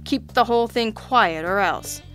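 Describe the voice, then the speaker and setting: A woman doing a wry, deadpan private eye. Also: mid-range voice, unhurried, soft background music, lightly acted. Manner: wry and deadpan, with offhand quips. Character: dry-witted, unflappable male private detective. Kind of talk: audiobook character reading.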